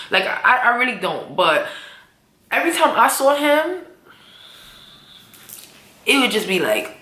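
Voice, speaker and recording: Young woman vlogger, lively slangy storytelling, bright voice in an echoey room. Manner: animated, slangy, acts out quotes in a high voice. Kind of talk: casual storytime.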